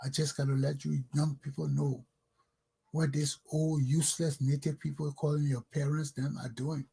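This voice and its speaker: A man's voice: a little high, flat delivery, moderate pace, creaky, warm tone, husky. A Liberian man hosting a talk show, delivering an angry, scolding monologue that circles back on itself. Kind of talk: ranting monologue.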